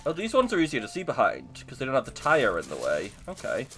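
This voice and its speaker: A man's voice: medium pitch, huge pitch swings, fast talker, a bit bright, soft background music. A man streaming live gameplay, chatting to himself in a self-mocking way and laughing easily. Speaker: video game streamer.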